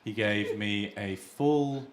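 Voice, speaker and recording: A man with an Australian accent doing a stand-up comedy set on a club stage. He swears freely and acts out characters in quick put-on voices. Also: fairly low pitch. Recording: loud noisy live room with audience laughter.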